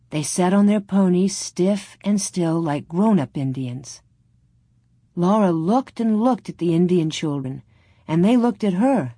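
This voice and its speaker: Husky woman reading a storybook. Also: on the low side, dry recording, studio quality. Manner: calm, measured storytelling. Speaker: audiobook narrator.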